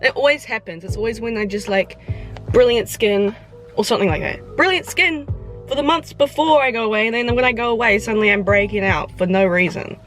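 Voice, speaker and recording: A woman's voice: medium pitch, fairly quick, faint music behind. A woman of about twenty chatting casually to her camera in a vlog, rambling and self-deprecating. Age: 20s. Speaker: vlogger.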